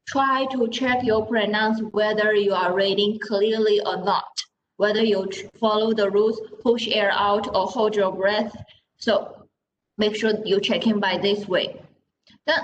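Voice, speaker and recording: A woman leads a language class in a roomy, echoing space. She speaks a little high and stays patient. She demonstrates sounds slowly for students to copy and keeps checking in with a gentle "okay?". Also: slight background noise. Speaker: Mandarin teacher. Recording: roomy echo.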